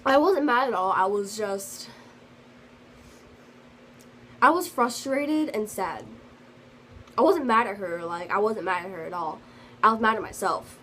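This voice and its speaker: A teenage girl recounting her day in a casual storytime vlog, rambling along with plenty of fillers, restarts and asides. Her voice sits at an ordinary middle pitch. A faint hiss of background noise sits under the recording. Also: moderate pace, fairly bright tone, rough recording. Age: teens. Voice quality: sensitive, earnest storytelling. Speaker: vlogger.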